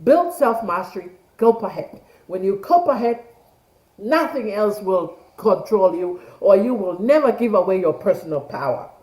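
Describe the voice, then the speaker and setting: A woman's voice: mid-range voice, animated, moderate pace, a little mellow, reverberant, low-quality recording. A middle-aged woman, leading an online class and asking rhetorical questions that she answers herself. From Tonga. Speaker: class leader. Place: home room on a video call. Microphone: video call mic.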